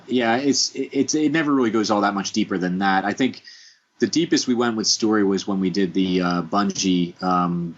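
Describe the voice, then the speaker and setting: A show creator with a deep, fairly bright voice chats as a podcast guest about producing his show. The talk is loose and rambling, peppered with fillers, false starts and small chuckles, and the lo-fi podcast audio sounds dull.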